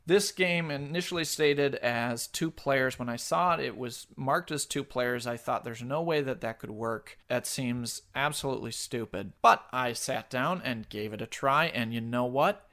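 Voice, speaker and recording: A man hosting a podcast, chatting in a relaxed way about a board game. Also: medium pitch, unhurried, few pauses. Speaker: podcast host. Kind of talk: casual board game review and outro.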